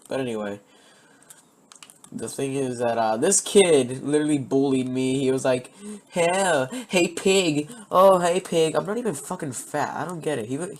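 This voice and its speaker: Rambling, swearing young-sounding man. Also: medium pitch. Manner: profane, meandering, keeps losing his thread. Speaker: vlogger telling personal stories. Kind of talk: rambling casual storytelling.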